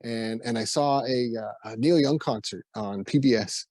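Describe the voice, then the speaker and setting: A man's voice: mid-range voice, normal speed, a little mellow, no echo. A Canadian man with a Canadian accent, a musician guest telling stories in a casual interview and laughing often. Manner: laughs often, acts out quoted voices.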